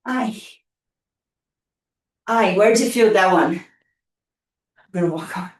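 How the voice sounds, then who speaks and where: Heard from afar in an echoey room, a woman with a lowish, darkish voice talks at a moderate pace. She's a fitness instructor running a live online workout class, cheering on her students playfully and encouragingly while growing breathless.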